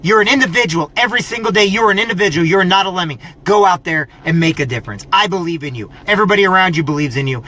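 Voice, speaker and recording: High, bright-voiced man giving a scolding pep talk. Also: a little hiss or hum. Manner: preachy, scolding, mocks excuses in whiny voices. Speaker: motivational vlogger.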